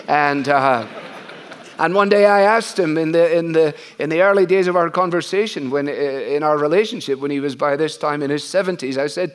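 Earnest conversational male preacher. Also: fairly high pitch. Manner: earnest and conversational, with frequent "uh" and rhetorical questions. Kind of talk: expository sermon.

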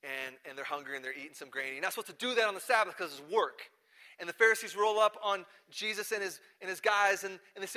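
A male pastor preaching a sermon, animated, acting out the people in the story as he goes. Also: high-pitched, fast.

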